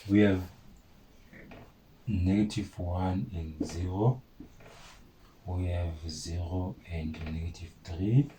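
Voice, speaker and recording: A man's voice: sits low, takes it slowly, pauses often, noisy background. A man teaching a maths lesson, talking informally to his viewers and repeating key points. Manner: chatty, addresses viewers as guys, repeats himself. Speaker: maths tutor.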